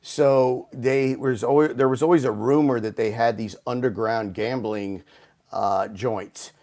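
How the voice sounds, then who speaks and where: A man as a podcast guest, telling animated anecdotes in casual talk, full of "like" and "you know". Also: medium pitch, a little slow. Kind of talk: casual storytelling.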